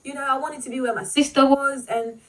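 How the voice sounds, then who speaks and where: A woman vlogger telling a painful personal story, halting and full of "like" and "you know", fighting back tears. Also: high-pitched, steady tone, fairly bright tone, distant mic, rough recording.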